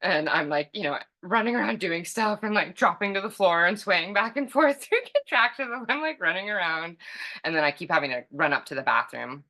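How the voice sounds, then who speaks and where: A woman's voice: fairly low pitch, lively intonation, fairly quick, bright, forceful tone. A young adult woman from California, a podcast guest telling a personal story casually, chatty with many fillers and frequent laughs.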